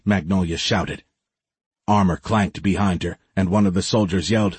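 A man narrating an audiobook in a steady, measured way. His voice is low and husky, with a breathy edge. The sound is dry and close. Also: no room sound. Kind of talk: scripted narration.

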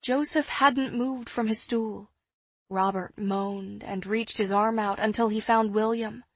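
A woman narrating an audiobook in the first person, in a measured, hushed storytelling manner. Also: mid-range voice, steady tone, no echo.

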